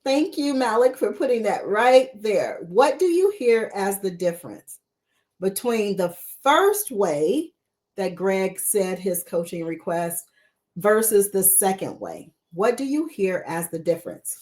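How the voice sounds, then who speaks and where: A woman's voice: medium pitch, very animated, unhurried, a little mellow. Woman coach asking repeated questions. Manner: repeats rhetorical questions to the audience. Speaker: mentor coach. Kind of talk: live-streamed coaching lesson.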